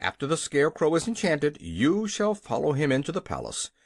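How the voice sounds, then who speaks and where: A reader voicing a short-tempered gnome king in a storybook who blusters, shouts and growls. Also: mid-range voice, wildly swooping pitch, brisk, vocal fry, no echo, clean studio sound, full character voice. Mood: blustering. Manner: blustering, easily startled.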